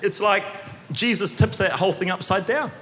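A man from New Zealand with a New Zealand accent preaches with a high voice. He acts out voices and swings between loud shouts and quiet asides. His voice rings with a long reverb from the church hall. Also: normal speed, faint music behind. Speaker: pastor. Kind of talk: sermon.

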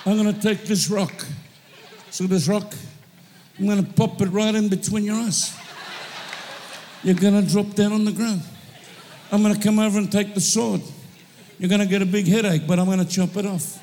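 A cocky young shepherd, as a preacher acts him out, rattles off mocking threats at high speed. The voice sits high with a gravelly edge. A long hall echo trails each phrase. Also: male voice, steady tone, warm tone, slight background noise. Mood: taunting. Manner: brash, fast, mocking. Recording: echoey hall reverb.

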